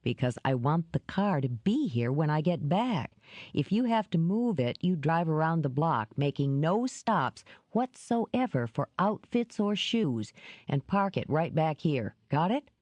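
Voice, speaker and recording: A woman reading an audiobook, voicing a gruff, wary man who talks in curt, dry lines. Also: a little high, big pitch swings, unhurried, darkish tone, dry recording.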